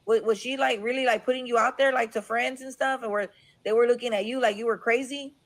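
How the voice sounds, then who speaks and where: A woman's voice: on the high side, steady tone, quick pace. A woman hosting a live stream, chatting casually and sympathetically with a caller. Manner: sympathetic, says dude a lot. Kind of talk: casual chat.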